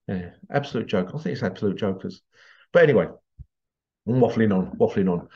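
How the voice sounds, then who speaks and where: A man chats away to his viewers in a loose, rambling monologue, breaking into chuckling asides as he goes. His voice sits at an ordinary middle pitch, and the recording sounds a little dull and lo-fi. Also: lively intonation, fairly quick, a little mellow. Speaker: vlogger.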